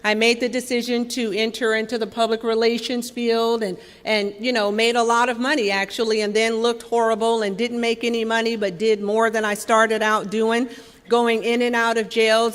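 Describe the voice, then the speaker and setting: A woman in her thirties from Los Angeles, sharing her recovery story with wry candor, swelling loud and dropping soft. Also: a little high. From Los Angeles, California. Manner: candid, wry, raw, with emphatic swells and soft drops. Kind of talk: personal recovery talk. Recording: long reverb from a hall.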